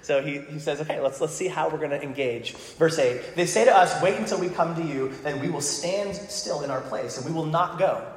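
A man's voice: on the high side, a little fast, few pauses. A male pastor preaching a sermon in a casual, joking way, with playful voiced asides. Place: church sanctuary. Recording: echoey hall with long reverb.

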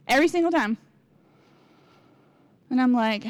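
A woman's voice: on the high side, animated, unhurried, no room sound. A woman in her forties giving a casual, candid sermon in church, chatty and confessional, acting out what people say. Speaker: lay preacher.

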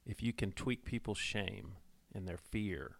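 Give me a low-pitched man in casual chat, slow and reflective, hunting for words. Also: animated, vocal fry. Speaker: podcast co-host.

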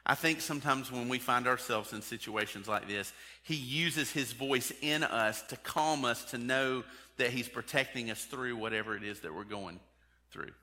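Bright-voiced preacher in a reverberant hall. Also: male voice, mid-range voice, moderate pace. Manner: conversational, asks the congregation direct questions. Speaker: pastor. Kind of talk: sermon.

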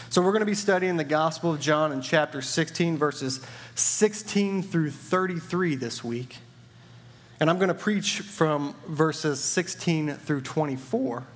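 A man preaching a sermon in a friendly, joking storytelling way. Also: a little high. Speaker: church partner preaching.

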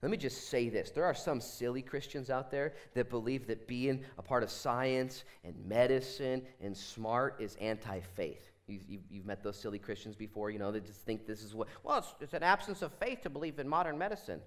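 Male pastor in his thirties, sermon delivery, animated with sudden loud bursts and hushed asides, middle pitch. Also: moderate pace, few pauses. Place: church sanctuary.

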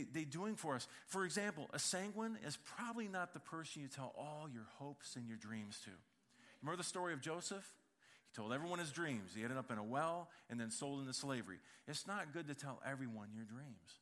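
A middle-aged man preaching a sermon, telling funny family stories in an animated, joking way. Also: on the high side. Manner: animated storytelling with humor. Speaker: pastor.

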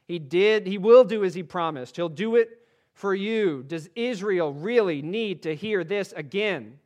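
A man preaching a sermon, reading scripture with emphasis and dropping to a quieter, earnest tone to urge his listeners. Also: high-pitched, animated, measured pace. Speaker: pastor.

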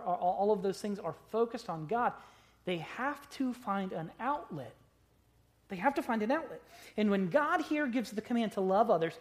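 The man preaching, a pastor whose voice sits high, talks conversationally and asks rhetorical questions, alternating loud stressed words with quiet asides.

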